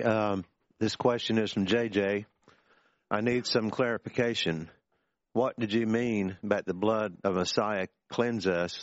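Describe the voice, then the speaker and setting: Man, low voice, reading a question, distant from mic, lo-fi. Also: no echo. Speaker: question reader. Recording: dry, dull lo-fi sound, off-mic.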